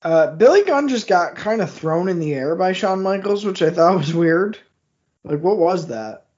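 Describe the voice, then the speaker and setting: A man with a high voice co-hosts a casual podcast, reacting to the match with wry, short quips. The audio sounds dull and lo-fi. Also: lively intonation, moderate pace, darkish tone. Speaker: podcast co-host. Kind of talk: casual watch-along chat.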